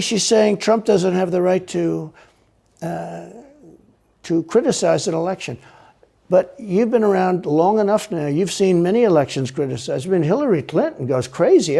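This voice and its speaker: A man's voice: high voice, lively intonation, normal speed, creaky, mellow. A man speaking as an interview guest, rambling and repeating himself with a boastful tone. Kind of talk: played interview clip.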